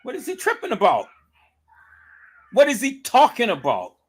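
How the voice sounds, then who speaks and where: Guy doing a livestream breakdown, high voice, swoops up and down a lot, keeps hammering the same questions. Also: huge pitch swings, normal speed, slightly rough. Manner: emphatic, repetitive, rhetorical questions. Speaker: livestream commentator. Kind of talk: casual livestream commentary.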